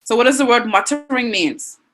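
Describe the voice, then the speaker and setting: A woman teacher with a Bahamian accent, leading an online class and warmly reading out and praising students' answers. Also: a little high, a little fast, rough recording. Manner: encouraging, reads students' answers aloud with frequent praise.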